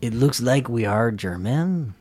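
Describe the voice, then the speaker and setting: A man's voice: medium pitch, animated, a little slow, a little mellow. A man putting on a blustering French-Canadian brother. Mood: scandalized. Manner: mock-formal, blustering. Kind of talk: improvised comedy sketch.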